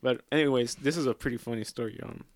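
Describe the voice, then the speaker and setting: A relaxed man tells a rambling story to a friend, laughing and cursing as he goes. His voice sits at a middle pitch, and the sound is dry and close with no room echo. Now and then he drops a bit of Spanish slang. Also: quick pace. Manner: laid-back, laughing, swearing, slips into Spanish slang. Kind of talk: casual storytelling chat.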